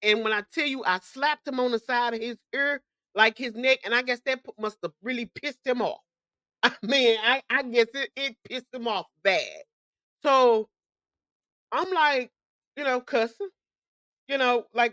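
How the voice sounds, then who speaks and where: A woman's voice: on the high side, a little slow, bright, forceful tone, no echo. Candid woman telling her own story. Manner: candid and emphatic, with frequent repetitions; slangy casual speech. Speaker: podcast host. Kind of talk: personal storytelling.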